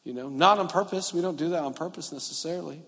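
A middle-aged man preaching a sermon as a pastor, conversational, swinging between loud emphasis and quiet asides. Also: on the high side, quick pace, noisy background. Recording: long reverb of a large hall.

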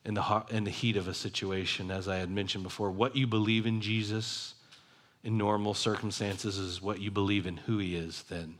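Low-voiced man preaching a sermon. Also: steady tone, moderate pace, fairly bright tone. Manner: expository preaching, reading scripture then explaining it conversationally. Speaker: pastor.

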